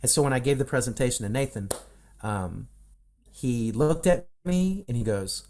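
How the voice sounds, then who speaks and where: A man's voice: medium pitch, normal speed. A man from the Midwestern United States, a voice coach and podcast guest, telling stories in a casual interview and acting out the voices in them, recorded over a video call. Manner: animated storyteller who acts out quoted dialogue.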